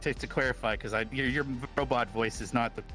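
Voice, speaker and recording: A man playing a medic in an online roleplay, with a bright, forward tone. He asks hesitant, clarifying questions and sighs often. He sounds casual and unsure. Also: medium pitch, fairly even intonation, brisk, soft background music. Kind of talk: casual in-character roleplay chat.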